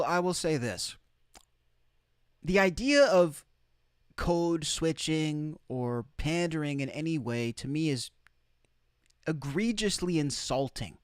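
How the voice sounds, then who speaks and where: A man's voice: fairly high pitch, dry recording, studio quality. A man hosting opinionated live commentary from outside the United States, emphatic and repeating his key phrases. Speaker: commentary streamer.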